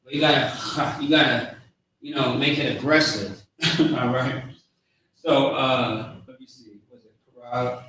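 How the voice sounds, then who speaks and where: A man giving a casual, slangy lesson on words, spelling them out slowly. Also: mid-range voice, fairly bright tone. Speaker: teacher of a language class. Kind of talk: informal lesson with a live chat. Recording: echoey room, far from mic, faint noise.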